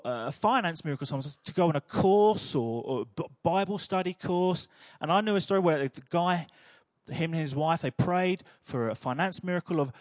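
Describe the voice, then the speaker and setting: A man's voice: high-pitched, dry recording, studio quality. A man preaching a sermon in a chatty, humorous storytelling way.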